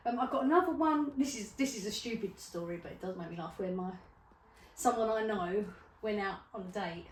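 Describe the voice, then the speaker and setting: A middle-aged woman co-hosting a podcast, telling funny stories in a casual chat, animated, laughing often and swearing freely. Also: medium pitch, a little fast. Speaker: podcast co-host. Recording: roomy, distant mic with faint noise.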